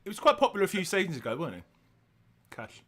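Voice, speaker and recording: A man with a slightly high voice hosts a relaxed football watchalong. He is easygoing, laughs often and keeps the questions coming. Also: fast talker. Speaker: podcast host. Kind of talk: casual watchalong chat.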